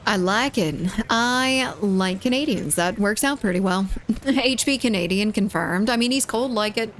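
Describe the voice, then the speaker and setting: A woman's voice: medium pitch, a little slow, slight background noise. A woman streaming a game, chatting casually, giggling often as she reads chat messages aloud and answers them. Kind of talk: casual live-stream chat while gaming.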